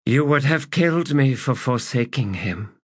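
A man voicing a grieving woman of an ancient non-human race, speaking formally and softly in an audiobook. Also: medium pitch, expressive, unhurried, no echo, studio quality, voice pushed up. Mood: solemn. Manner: formal, hesitant and soft.

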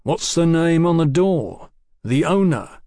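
A man's voice: fairly high pitch, animated, slow pace, dark tone, no room sound, clean studio sound, voice pushed up. A man voicing a relentless police sergeant who barks short questions. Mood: interrogating. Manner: curt, barking questions.

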